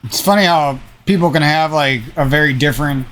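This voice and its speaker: A young man with a somewhat high voice talks casually and at length, wandering from one thought to the next. He swears freely and slips into rants, and his voice has a slightly nasal edge. A faint hum of noise sits under him. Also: brisk, fairly bright tone. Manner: meandering, profane, ranting. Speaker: gaming channel host. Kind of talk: casual rambling chat.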